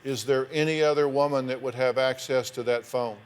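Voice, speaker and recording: Probing talk show host. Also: male voice, mid-range voice, fairly even intonation, brisk, smooth. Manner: probing, asks pointed yes-or-no questions. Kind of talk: daytime talk show interview.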